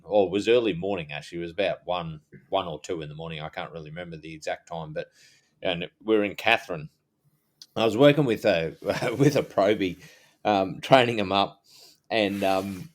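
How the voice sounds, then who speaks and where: A man with an Australian accent, a former police officer co-hosting a podcast, telling a story in relaxed casual chat. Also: sits low.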